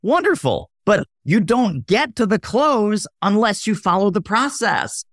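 A man appearing as a guest on a podcast, explaining sales with animated energy and acting out sample dialogue. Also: high-pitched, measured pace, dry recording, studio quality. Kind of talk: podcast interview.

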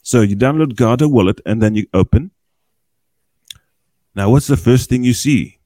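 A warm, mid-range voice at a moderate pace, with no echo, belongs to a man guesting on a podcast with a small group. He casually explains cryptocurrency in folksy, chatty terms, often asking "okay?".

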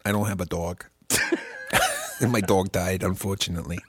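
A man voicing a folksy, slow-talking dog-loving character in a drawling accent-like voice, quieter and lower than his own. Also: level tone, slightly rough, dry recording, full character voice. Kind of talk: improvised comedy character.

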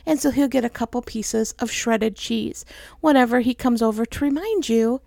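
A woman's voice: on the high side, expressive, normal speed, vocal fry, a little mellow, no echo. A middle-aged woman hosting her own podcast, chatting casually and laughing often into a close mic. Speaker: podcast host. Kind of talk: casual solo podcast chat.

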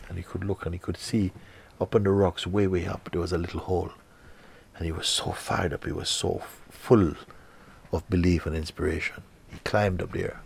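A man teaching through a dramatic story, repeating words and swinging between loud and hushed delivery. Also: low voice, little pitch movement, normal speed, creaky, a little hiss or hum. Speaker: spiritual teacher.

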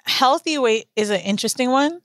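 Teasing high-voiced woman co-host. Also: expressive, brisk, fairly bright tone, no room sound. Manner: teasing, playful, profane. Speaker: podcast co-host. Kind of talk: casual chat. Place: podcast studio. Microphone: studio podcast mic.

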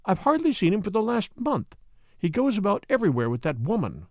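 A headstrong young heiress in an audiobook, pleading and indignant by turns, put on by a man reading. Her voice sits high and swings widely. It sounds close and dry. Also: wildly swooping pitch, brisk, a little mellow, dry recording, exaggerated voice. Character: young wealthy woman, headstrong and upset.

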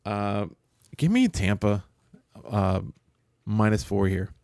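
A man's voice: lowish voice, sing-song, slow, a little mellow, dry recording, studio quality. A man co-hosting a podcast, rambling wryly through sports betting picks and show plugs while losing his voice. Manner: rambling, wry, self-mocking. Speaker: podcast co-host. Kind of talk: casual sports betting chat.

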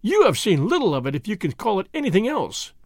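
A man's voice: high voice, sing-song, normal speed, vocal fry, no room sound, full character voice. Male narrator voicing older man, bitter and afraid, vehement; dry close sound. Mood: passionate. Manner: vehement, pleading, grave. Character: older man, fearful, bitter lodge brother.

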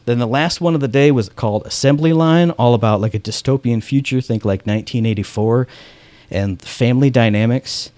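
A man's mid-range, slightly mellow voice moves a little fast, with no room sound. Hosting a podcast, he chats casually with lots of enthusiasm and plenty of "like," acting out what people said in his stories.

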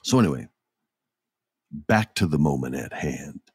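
A man casually and excitedly retelling a wrestling match, acting out scenes as he goes. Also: extremely low pitch, a little slow, breathy edge, no echo. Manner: excitable, acts out scenes, many restarts. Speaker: wrestling recap commentator. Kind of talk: casual storytelling recap.

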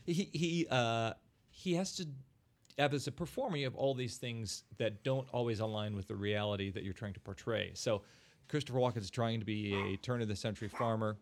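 A man's voice: fairly low pitch, fairly quick. Middle-aged man, casual podcast chat, anecdotal storyteller, laughs often.

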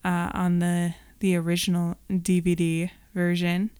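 A woman's voice: on the low side, completely flat delivery, measured pace, a little mellow, clean tone, no echo. A woman in her thirties co-hosting a podcast, chatting casually with wry asides and lots of fillers. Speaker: podcast co-host. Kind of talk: casual movie rewatch chat.

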